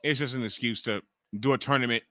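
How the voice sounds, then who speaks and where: Excitable man in his forties, bright voice. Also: mid-range voice, fast talker, no room sound. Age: 40s. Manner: profane, ranting, excitable reactions. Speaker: live stream host. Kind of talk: casual wrestling watch-along commentary.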